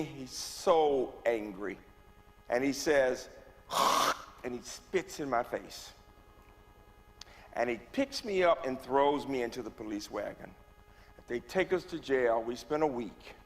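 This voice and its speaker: A man, giving a personal testimony as a guest speaker, moving from hushed tones to rising, forceful delivery. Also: fairly high pitch. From Birmingham, Alabama. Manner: dramatic storyteller, swings from hushed to rising loud. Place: church. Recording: long reverb of a church hall.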